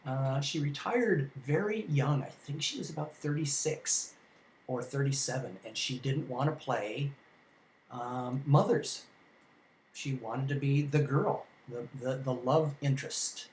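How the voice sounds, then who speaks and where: A man's voice: medium pitch, measured pace, darkish tone, slight background noise. A man teaching film history in an informal classroom lecture, rambling and conversational, with many ums and restarts. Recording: echoey room.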